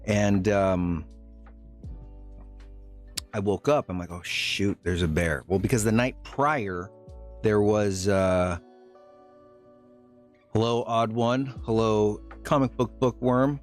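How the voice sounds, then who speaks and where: A man streaming live, telling a story to his chat in a rambling, halting way, full of fillers and restarts. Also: fairly low pitch, a little mellow, soft background music.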